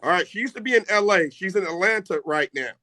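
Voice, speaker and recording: Brash high-voiced man hosting a chat. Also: lively intonation, fast, sharp tone, dry recording. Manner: brash, boastful trash talk. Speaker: live stream host. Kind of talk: casual live chat with callers.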